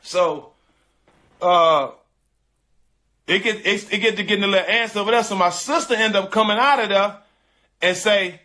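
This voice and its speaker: This guest, a man with a high, bright voice, speaks at a moderate pace with a forceful edge. He earnestly tells a painful story from his own life, using slangy, repetitive, casual language in an emotional way.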